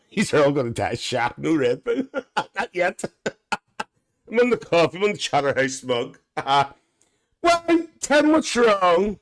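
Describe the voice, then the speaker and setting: A man's voice: fairly high pitch, very animated, slow, pauses often, heavily acted. A man playing a cheeky, gossipy Northern Irish aunty with a Northern Irish accent, hosting a live stream in chatty, bawdy banter full of cackles.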